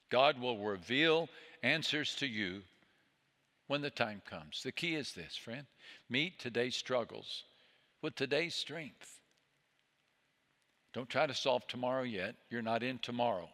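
A man preaching a sermon as a pastor, speaking in a gentle, soothing way that often sinks low and soft. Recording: long hall reverb.

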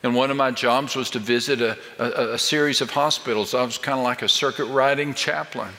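A man's voice: mid-range voice, steady tone, fairly quick, sharp tone. Older male pastor preaching in a reverberant hall. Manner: emphatic, building rhetorical questions. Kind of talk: sermon. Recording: long reverb of a large hall.

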